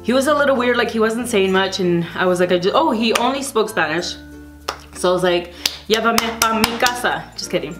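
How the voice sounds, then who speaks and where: A woman's voice: mid-range voice, lively intonation, fairly quick, music in the background. A young woman vlogger casually telling a storytime to camera, rambling with lots of fillers.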